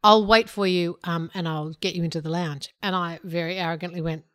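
A woman's voice: lowish voice, fairly quick, dry recording, clean studio sound. A woman, co-hosting a podcast and chatting casually while telling stories and acting out what she said. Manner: chatty storyteller, acts out her own quotes. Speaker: podcast co-host. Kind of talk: casual chat.

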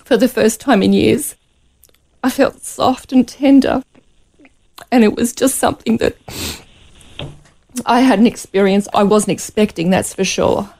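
A woman's voice: fairly high pitch, measured pace, gravelly, long pauses, a little mellow. A woman telling a painful personal story as a radio interview guest, earnest and close to tears. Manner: earnest, emotional, near tears.

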